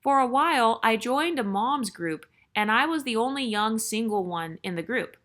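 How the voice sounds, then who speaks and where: A woman's voice: a little high, expressive, normal speed, fairly bright tone. A woman hosting her channel, reading a viewer's story aloud in a chatty way and breaking in with joking asides.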